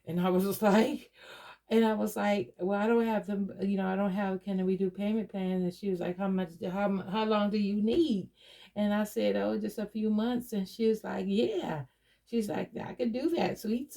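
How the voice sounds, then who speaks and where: A woman's voice: medium pitch, moderate pace, vocal fry, warm tone. A middle-aged woman chatting casually to her viewers, rambling with many restarts and fillers. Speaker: doll collector vlogger. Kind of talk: casual chat to camera.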